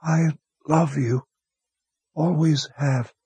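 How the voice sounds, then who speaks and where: Audiobook role: male narrator doing a tender dying young man, breathy and hushed. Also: a little high, steady tone, drawn-out words, no echo, pitched above the performer's own voice, full character voice. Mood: faint, tender. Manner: breathy whisper. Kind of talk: audiobook character voice.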